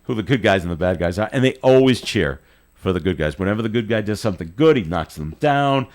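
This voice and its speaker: Man, low voice, radio host, casual on-air chat, rambling animated storytelling, lots of restarts. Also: fast talker. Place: radio studio.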